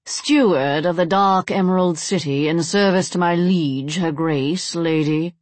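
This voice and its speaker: A woman voicing a haughty male vampire steward with an exaggerated English accent, deep and overly formal in a storybook reading. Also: unhurried, no room sound, lightly acted. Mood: pompous.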